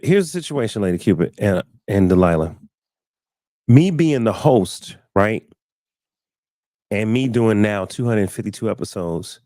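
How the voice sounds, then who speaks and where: Guy hosting a live-stream talk show, low mellow voice, dry close sound, tells stories and does everybody's lines. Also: dry recording. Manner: storytelling, acting out quoted people; repeats words while finding his thought. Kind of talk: casual live-stream chat.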